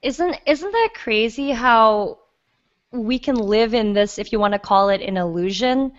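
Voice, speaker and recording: A woman's voice: a little high, expressive, measured pace, highs cut off. A woman hosting a podcast interview, enthusiastic and encouraging, talking casually with some light swearing. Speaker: podcast host.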